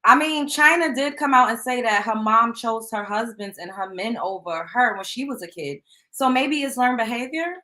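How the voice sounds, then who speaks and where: A woman's voice: a little high, moderate pace, sharp tone. A woman hosting a show, reacting to a clip with indignant, emphatic commentary. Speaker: show host.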